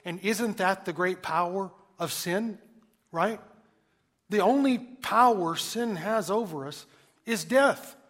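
Emphatic preaching man, fairly high voice. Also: slow pace. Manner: emphatic preaching with rhetorical questions, swinging from loud to hushed. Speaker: pastor. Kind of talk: sermon.

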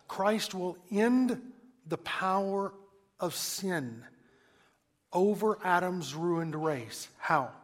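A man preaching a sermon, emphatic and questioning the listeners, swinging between loud stresses and hushed lines. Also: fairly high pitch. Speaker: pastor.

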